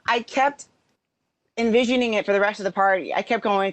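A woman guesting on a casual comedic podcast, giggly and animated as she tells stories. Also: fairly high pitch, normal speed, no room sound.

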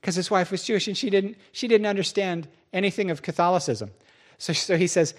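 A man preaching a sermon as pastor, telling stories in a lively way and jumping into other people's voices. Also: a little fast. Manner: lively storytelling, jumps into high voices for quotes.

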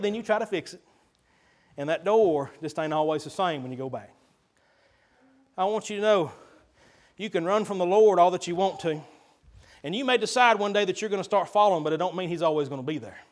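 High-voiced preacher man. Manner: folksy, swings between loud preaching and quiet asides. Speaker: pastor. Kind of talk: sermon.

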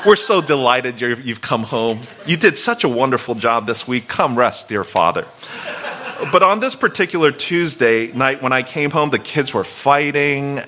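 In a church sanctuary, a man in his forties serving as guest pastor delivers a sermon that includes a personal story. His mid-range voice is bright and forceful, yet his manner stays conversational and reflective, with touches of self-deprecating humor.

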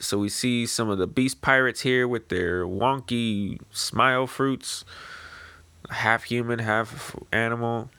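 A man casually reviewing a manga chapter, rambling in a relaxed way. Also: medium pitch, slow, creaky, clean tone, dry recording. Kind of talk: casual chat.

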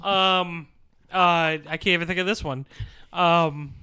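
A man who speaks slowly, with a bright, smooth voice, dropping deadpan quips into a loose group chat. His one-liners come flat and dry. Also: a little high. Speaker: podcast co-host.

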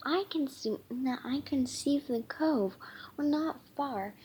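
A woman's voice: high-pitched, slow pace, a little mellow, slight background noise. A woman voicing a practical young girl fairy at the sail ropes, reading with stops and restarts. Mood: urgent.

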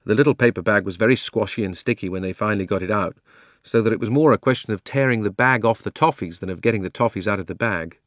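A man's voice: on the low side, a bit bright, no room sound. Man narrating a storybook, dry and close. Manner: measured storytelling. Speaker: audiobook narrator. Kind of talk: scripted narration.

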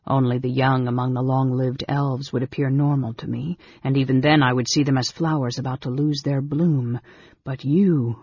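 A man voicing a frail, intense young male mage who speaks low, hushed and half-whispered. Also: fairly even intonation, moderate pace, slightly rough, dry recording, dull audio. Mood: brooding.

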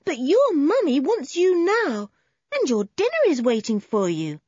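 A woman voicing a kind young girl who speaks softly and coaxingly. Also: high-pitched, wildly swooping pitch, unhurried, no room sound, dull audio, voice pushed up, exaggerated voice. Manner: soft, coaxing.

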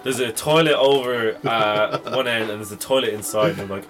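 A man's voice: fairly low pitch, fairly quick, over music. A young man with an Irish accent, telling a story in casual chat with lots of swearing and laughing at himself. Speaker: podcast co-host.

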